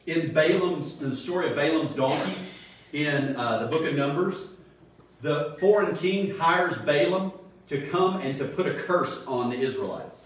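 A man preaching in an animated, storytelling way and acting out the people in his stories. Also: on the high side, unhurried, a little hiss or hum. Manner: animated storytelling, acts out quotes. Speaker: Sunday school teacher. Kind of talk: sermon. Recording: very echoey room, far from mic.

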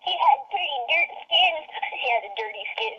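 A young teenage girl with a high voice chats casually while playing a game. She is goofy and giggly, cracking corny jokes. The sound is dull and lo-fi. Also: animated, moderate pace. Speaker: co-player. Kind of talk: casual gaming banter. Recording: dull lo-fi recording.

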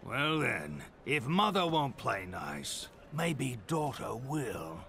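A man's voice: medium pitch, big pitch swings, takes it slowly, fairly bright tone, slight background noise, exaggerated voice. An actor playing a sly, menacing male criminal mercenary who mocks and bargains in a game cutscene. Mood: sneering. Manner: mocking, gravelly, bargaining. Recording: game audio heard from the speakers.

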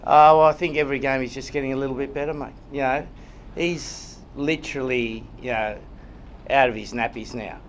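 A rugby head coach at a post-match press conference, answering reporters bluntly and wryly and repeating phrases for emphasis. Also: male voice, mid-range voice, steady tone, normal speed, slight background noise. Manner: blunt and wry, often ends with "mate".

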